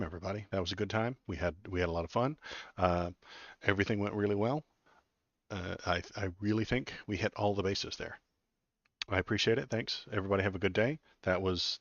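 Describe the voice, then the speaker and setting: Give me a low-pitched man rambling casually on his home live stream, recorded dry and a bit dull. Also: brisk, no echo. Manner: rambling, self-deprecating, many fillers and restarts. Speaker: political live-stream host. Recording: dry, slightly dull lo-fi audio.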